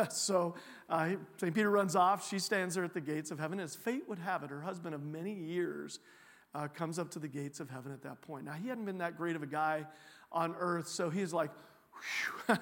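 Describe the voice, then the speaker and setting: A man giving a sermon as a guest preacher in a church, joking and animated, often restarting his sentences. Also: a little high, moderate pace, long reverb tail. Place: church sanctuary.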